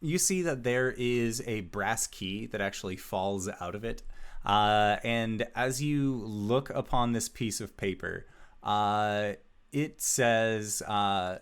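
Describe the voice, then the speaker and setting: A man narrating a tabletop game as game master, relaxed with frequent filler pauses. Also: fairly low pitch, smooth.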